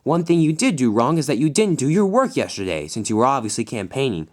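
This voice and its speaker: A man puts on a firm, lively voice for a stern middle-aged railway boss. He announces and scolds in a businesslike way, pausing on his words. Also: mid-range voice, natural voice.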